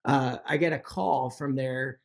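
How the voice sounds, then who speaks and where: A man who is a guest on a talk show, telling a story with lively energy and acting out the people he quotes. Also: mid-range voice, measured pace, vocal fry. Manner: animated, acts out quotes with raised voice. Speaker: podcast guest, football analyst. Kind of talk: animated storytelling.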